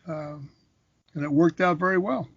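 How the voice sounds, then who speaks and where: A man's voice: on the high side, moderate pace, gravelly, slightly rough, dry recording. Older man telling stories, dull dry sound. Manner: animated anecdotes with repeated phrases. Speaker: guest, actor and former boxer. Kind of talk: casual storytelling.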